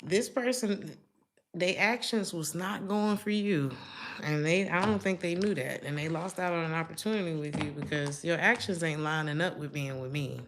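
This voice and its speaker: A woman's voice: low voice, normal speed, slight background noise. Sassy, chatty woman tarot reader. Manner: chatty, sassy and animated, with frequent laughs. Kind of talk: casual live-stream tarot reading.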